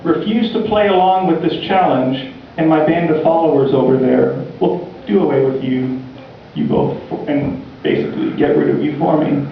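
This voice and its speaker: A cold, calculating rebel chief who never raises his voice, heard from far off in a big echoing hall on a dull recording, as a man acts him out in a story. The voice sits a little high for a man. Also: normal speed, vocal fry, slight background noise. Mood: menacing. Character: scheming male rebel leader, cold and calculating. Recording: distant, echoey, dull church recording.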